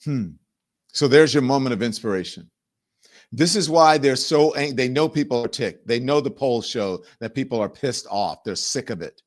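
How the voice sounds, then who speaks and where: A man's voice: mid-range voice, expressive, normal speed. A man hosting a live commentary show, conversational and emphatic. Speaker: show host.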